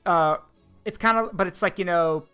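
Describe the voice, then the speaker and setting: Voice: mid-range voice, moderate pace, bright, forceful tone, smooth, soft background music. A streamer host in casual chat, telling a long story with lots of fillers and restarts. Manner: rambling, filler-heavy storytelling.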